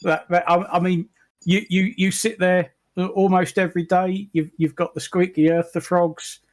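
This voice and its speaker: High-voiced man, halting and stammery. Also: little pitch movement. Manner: hesitant, stammering restarts. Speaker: guest on the stream. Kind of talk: casual chat.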